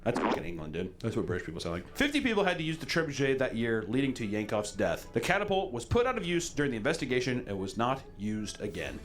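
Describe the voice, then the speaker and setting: A man's voice: medium pitch, big pitch swings, quick pace, hardly any pauses. A young man hosting a reaction video, reading a list aloud with casual, jokey asides.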